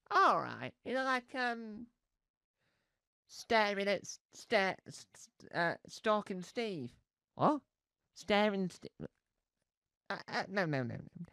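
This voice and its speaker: Rambling stand-up comedian, lively pitch. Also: male voice, no room sound. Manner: rambling, playful, repeats himself for laughs.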